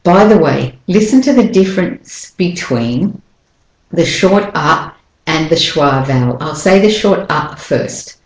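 A woman giving a spoken pronunciation lesson, slowly and carefully demonstrating individual sounds and syllables. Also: deep voice, expressive, reverberant, poor audio. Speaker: pronunciation teacher.

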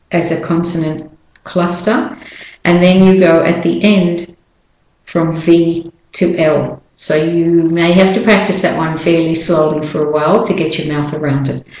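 A woman giving an audio pronunciation lesson, drawing out each model word slowly and carefully. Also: lowish voice, darkish tone, echoey room, rough recording. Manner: slow, careful, drawn-out model words. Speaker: pronunciation teacher.

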